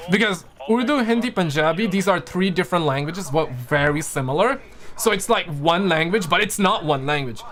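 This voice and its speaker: A young man from Quebec hosts a livestream in a relaxed, rambling way, greeting viewers and answering chat as he goes. His voice sits high for a man. A faint background hum runs under his talk. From Quebec, Canada. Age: young adult. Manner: relaxed, chatty, reads chat aloud. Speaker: livestream host.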